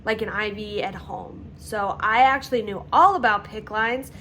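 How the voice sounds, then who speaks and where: Recalling events in her own vlog, a woman speaks candidly and haltingly, with frequent fillers and pauses. Her voice is medium-pitched and a bit bright, and there's a little hiss or hum in the recording.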